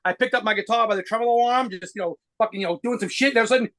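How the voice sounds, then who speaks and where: A man telling rapid, profanity-laced stories as a guitarist being interviewed. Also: high voice, a bit bright. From United States. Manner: rapid profane anecdotes with laughs. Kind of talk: fast storytelling interview.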